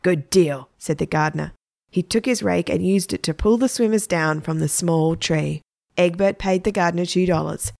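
A woman narrating a children's story in a plain, even manner. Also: on the low side, normal speed, gravelly, no room sound, clean studio sound.

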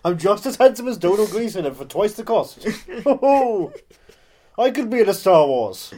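A man's voice: high voice, sing-song, moderate pace, mellow. A man putting on a jolly older English actor who plays Father Christmas, chuckling "ho ho ho". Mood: hammy. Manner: breathy chuckling 'ho ho ho'.

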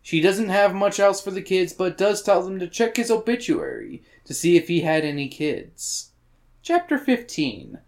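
A podcast host reads chapter summaries aloud in a loose, casual book club chat. The voice sits at a middling pitch. The jokes run crude and irreverent throughout. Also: sing-song, normal speed, darkish tone.

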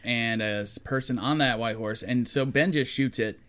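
A man's voice: medium pitch, moderate pace. A man co-hosting a podcast, casually recapping a film plot and acting out quoted lines. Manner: animated retelling, acts out quoted lines. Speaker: podcast co-host. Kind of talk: casual movie recap chat.

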